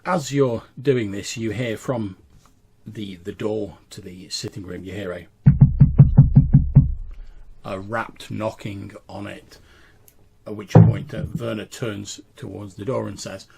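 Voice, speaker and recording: A man's voice: on the low side, steady tone, unhurried, creaky, pauses often, darkish tone, breathy edge. A man narrating a tabletop role-playing game as game master, describing scenes with small hesitations.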